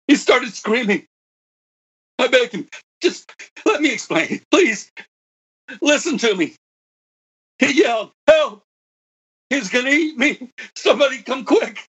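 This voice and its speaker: A man's voice: high-pitched, slightly rough, heavily acted. An actor playing a bitter old man who was once a computer prodigy, delivering a dramatic monologue that swings from wry to anguished. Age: older.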